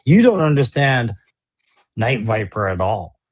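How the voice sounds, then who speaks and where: A man co-hosting a toy show, arguing mock courtroom cases in an animated, laughing way with theatrical outbursts. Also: mid-range voice, a little slow. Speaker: co-host. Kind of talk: playful mock courtroom banter.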